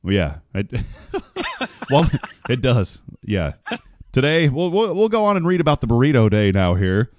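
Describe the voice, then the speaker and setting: A man's voice: medium pitch, wildly swooping pitch, a little slow, noisy background. A man hosting a morning radio show, chatting in a folksy, joking way and calling people "brother" and "man". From United States. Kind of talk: casual radio chat.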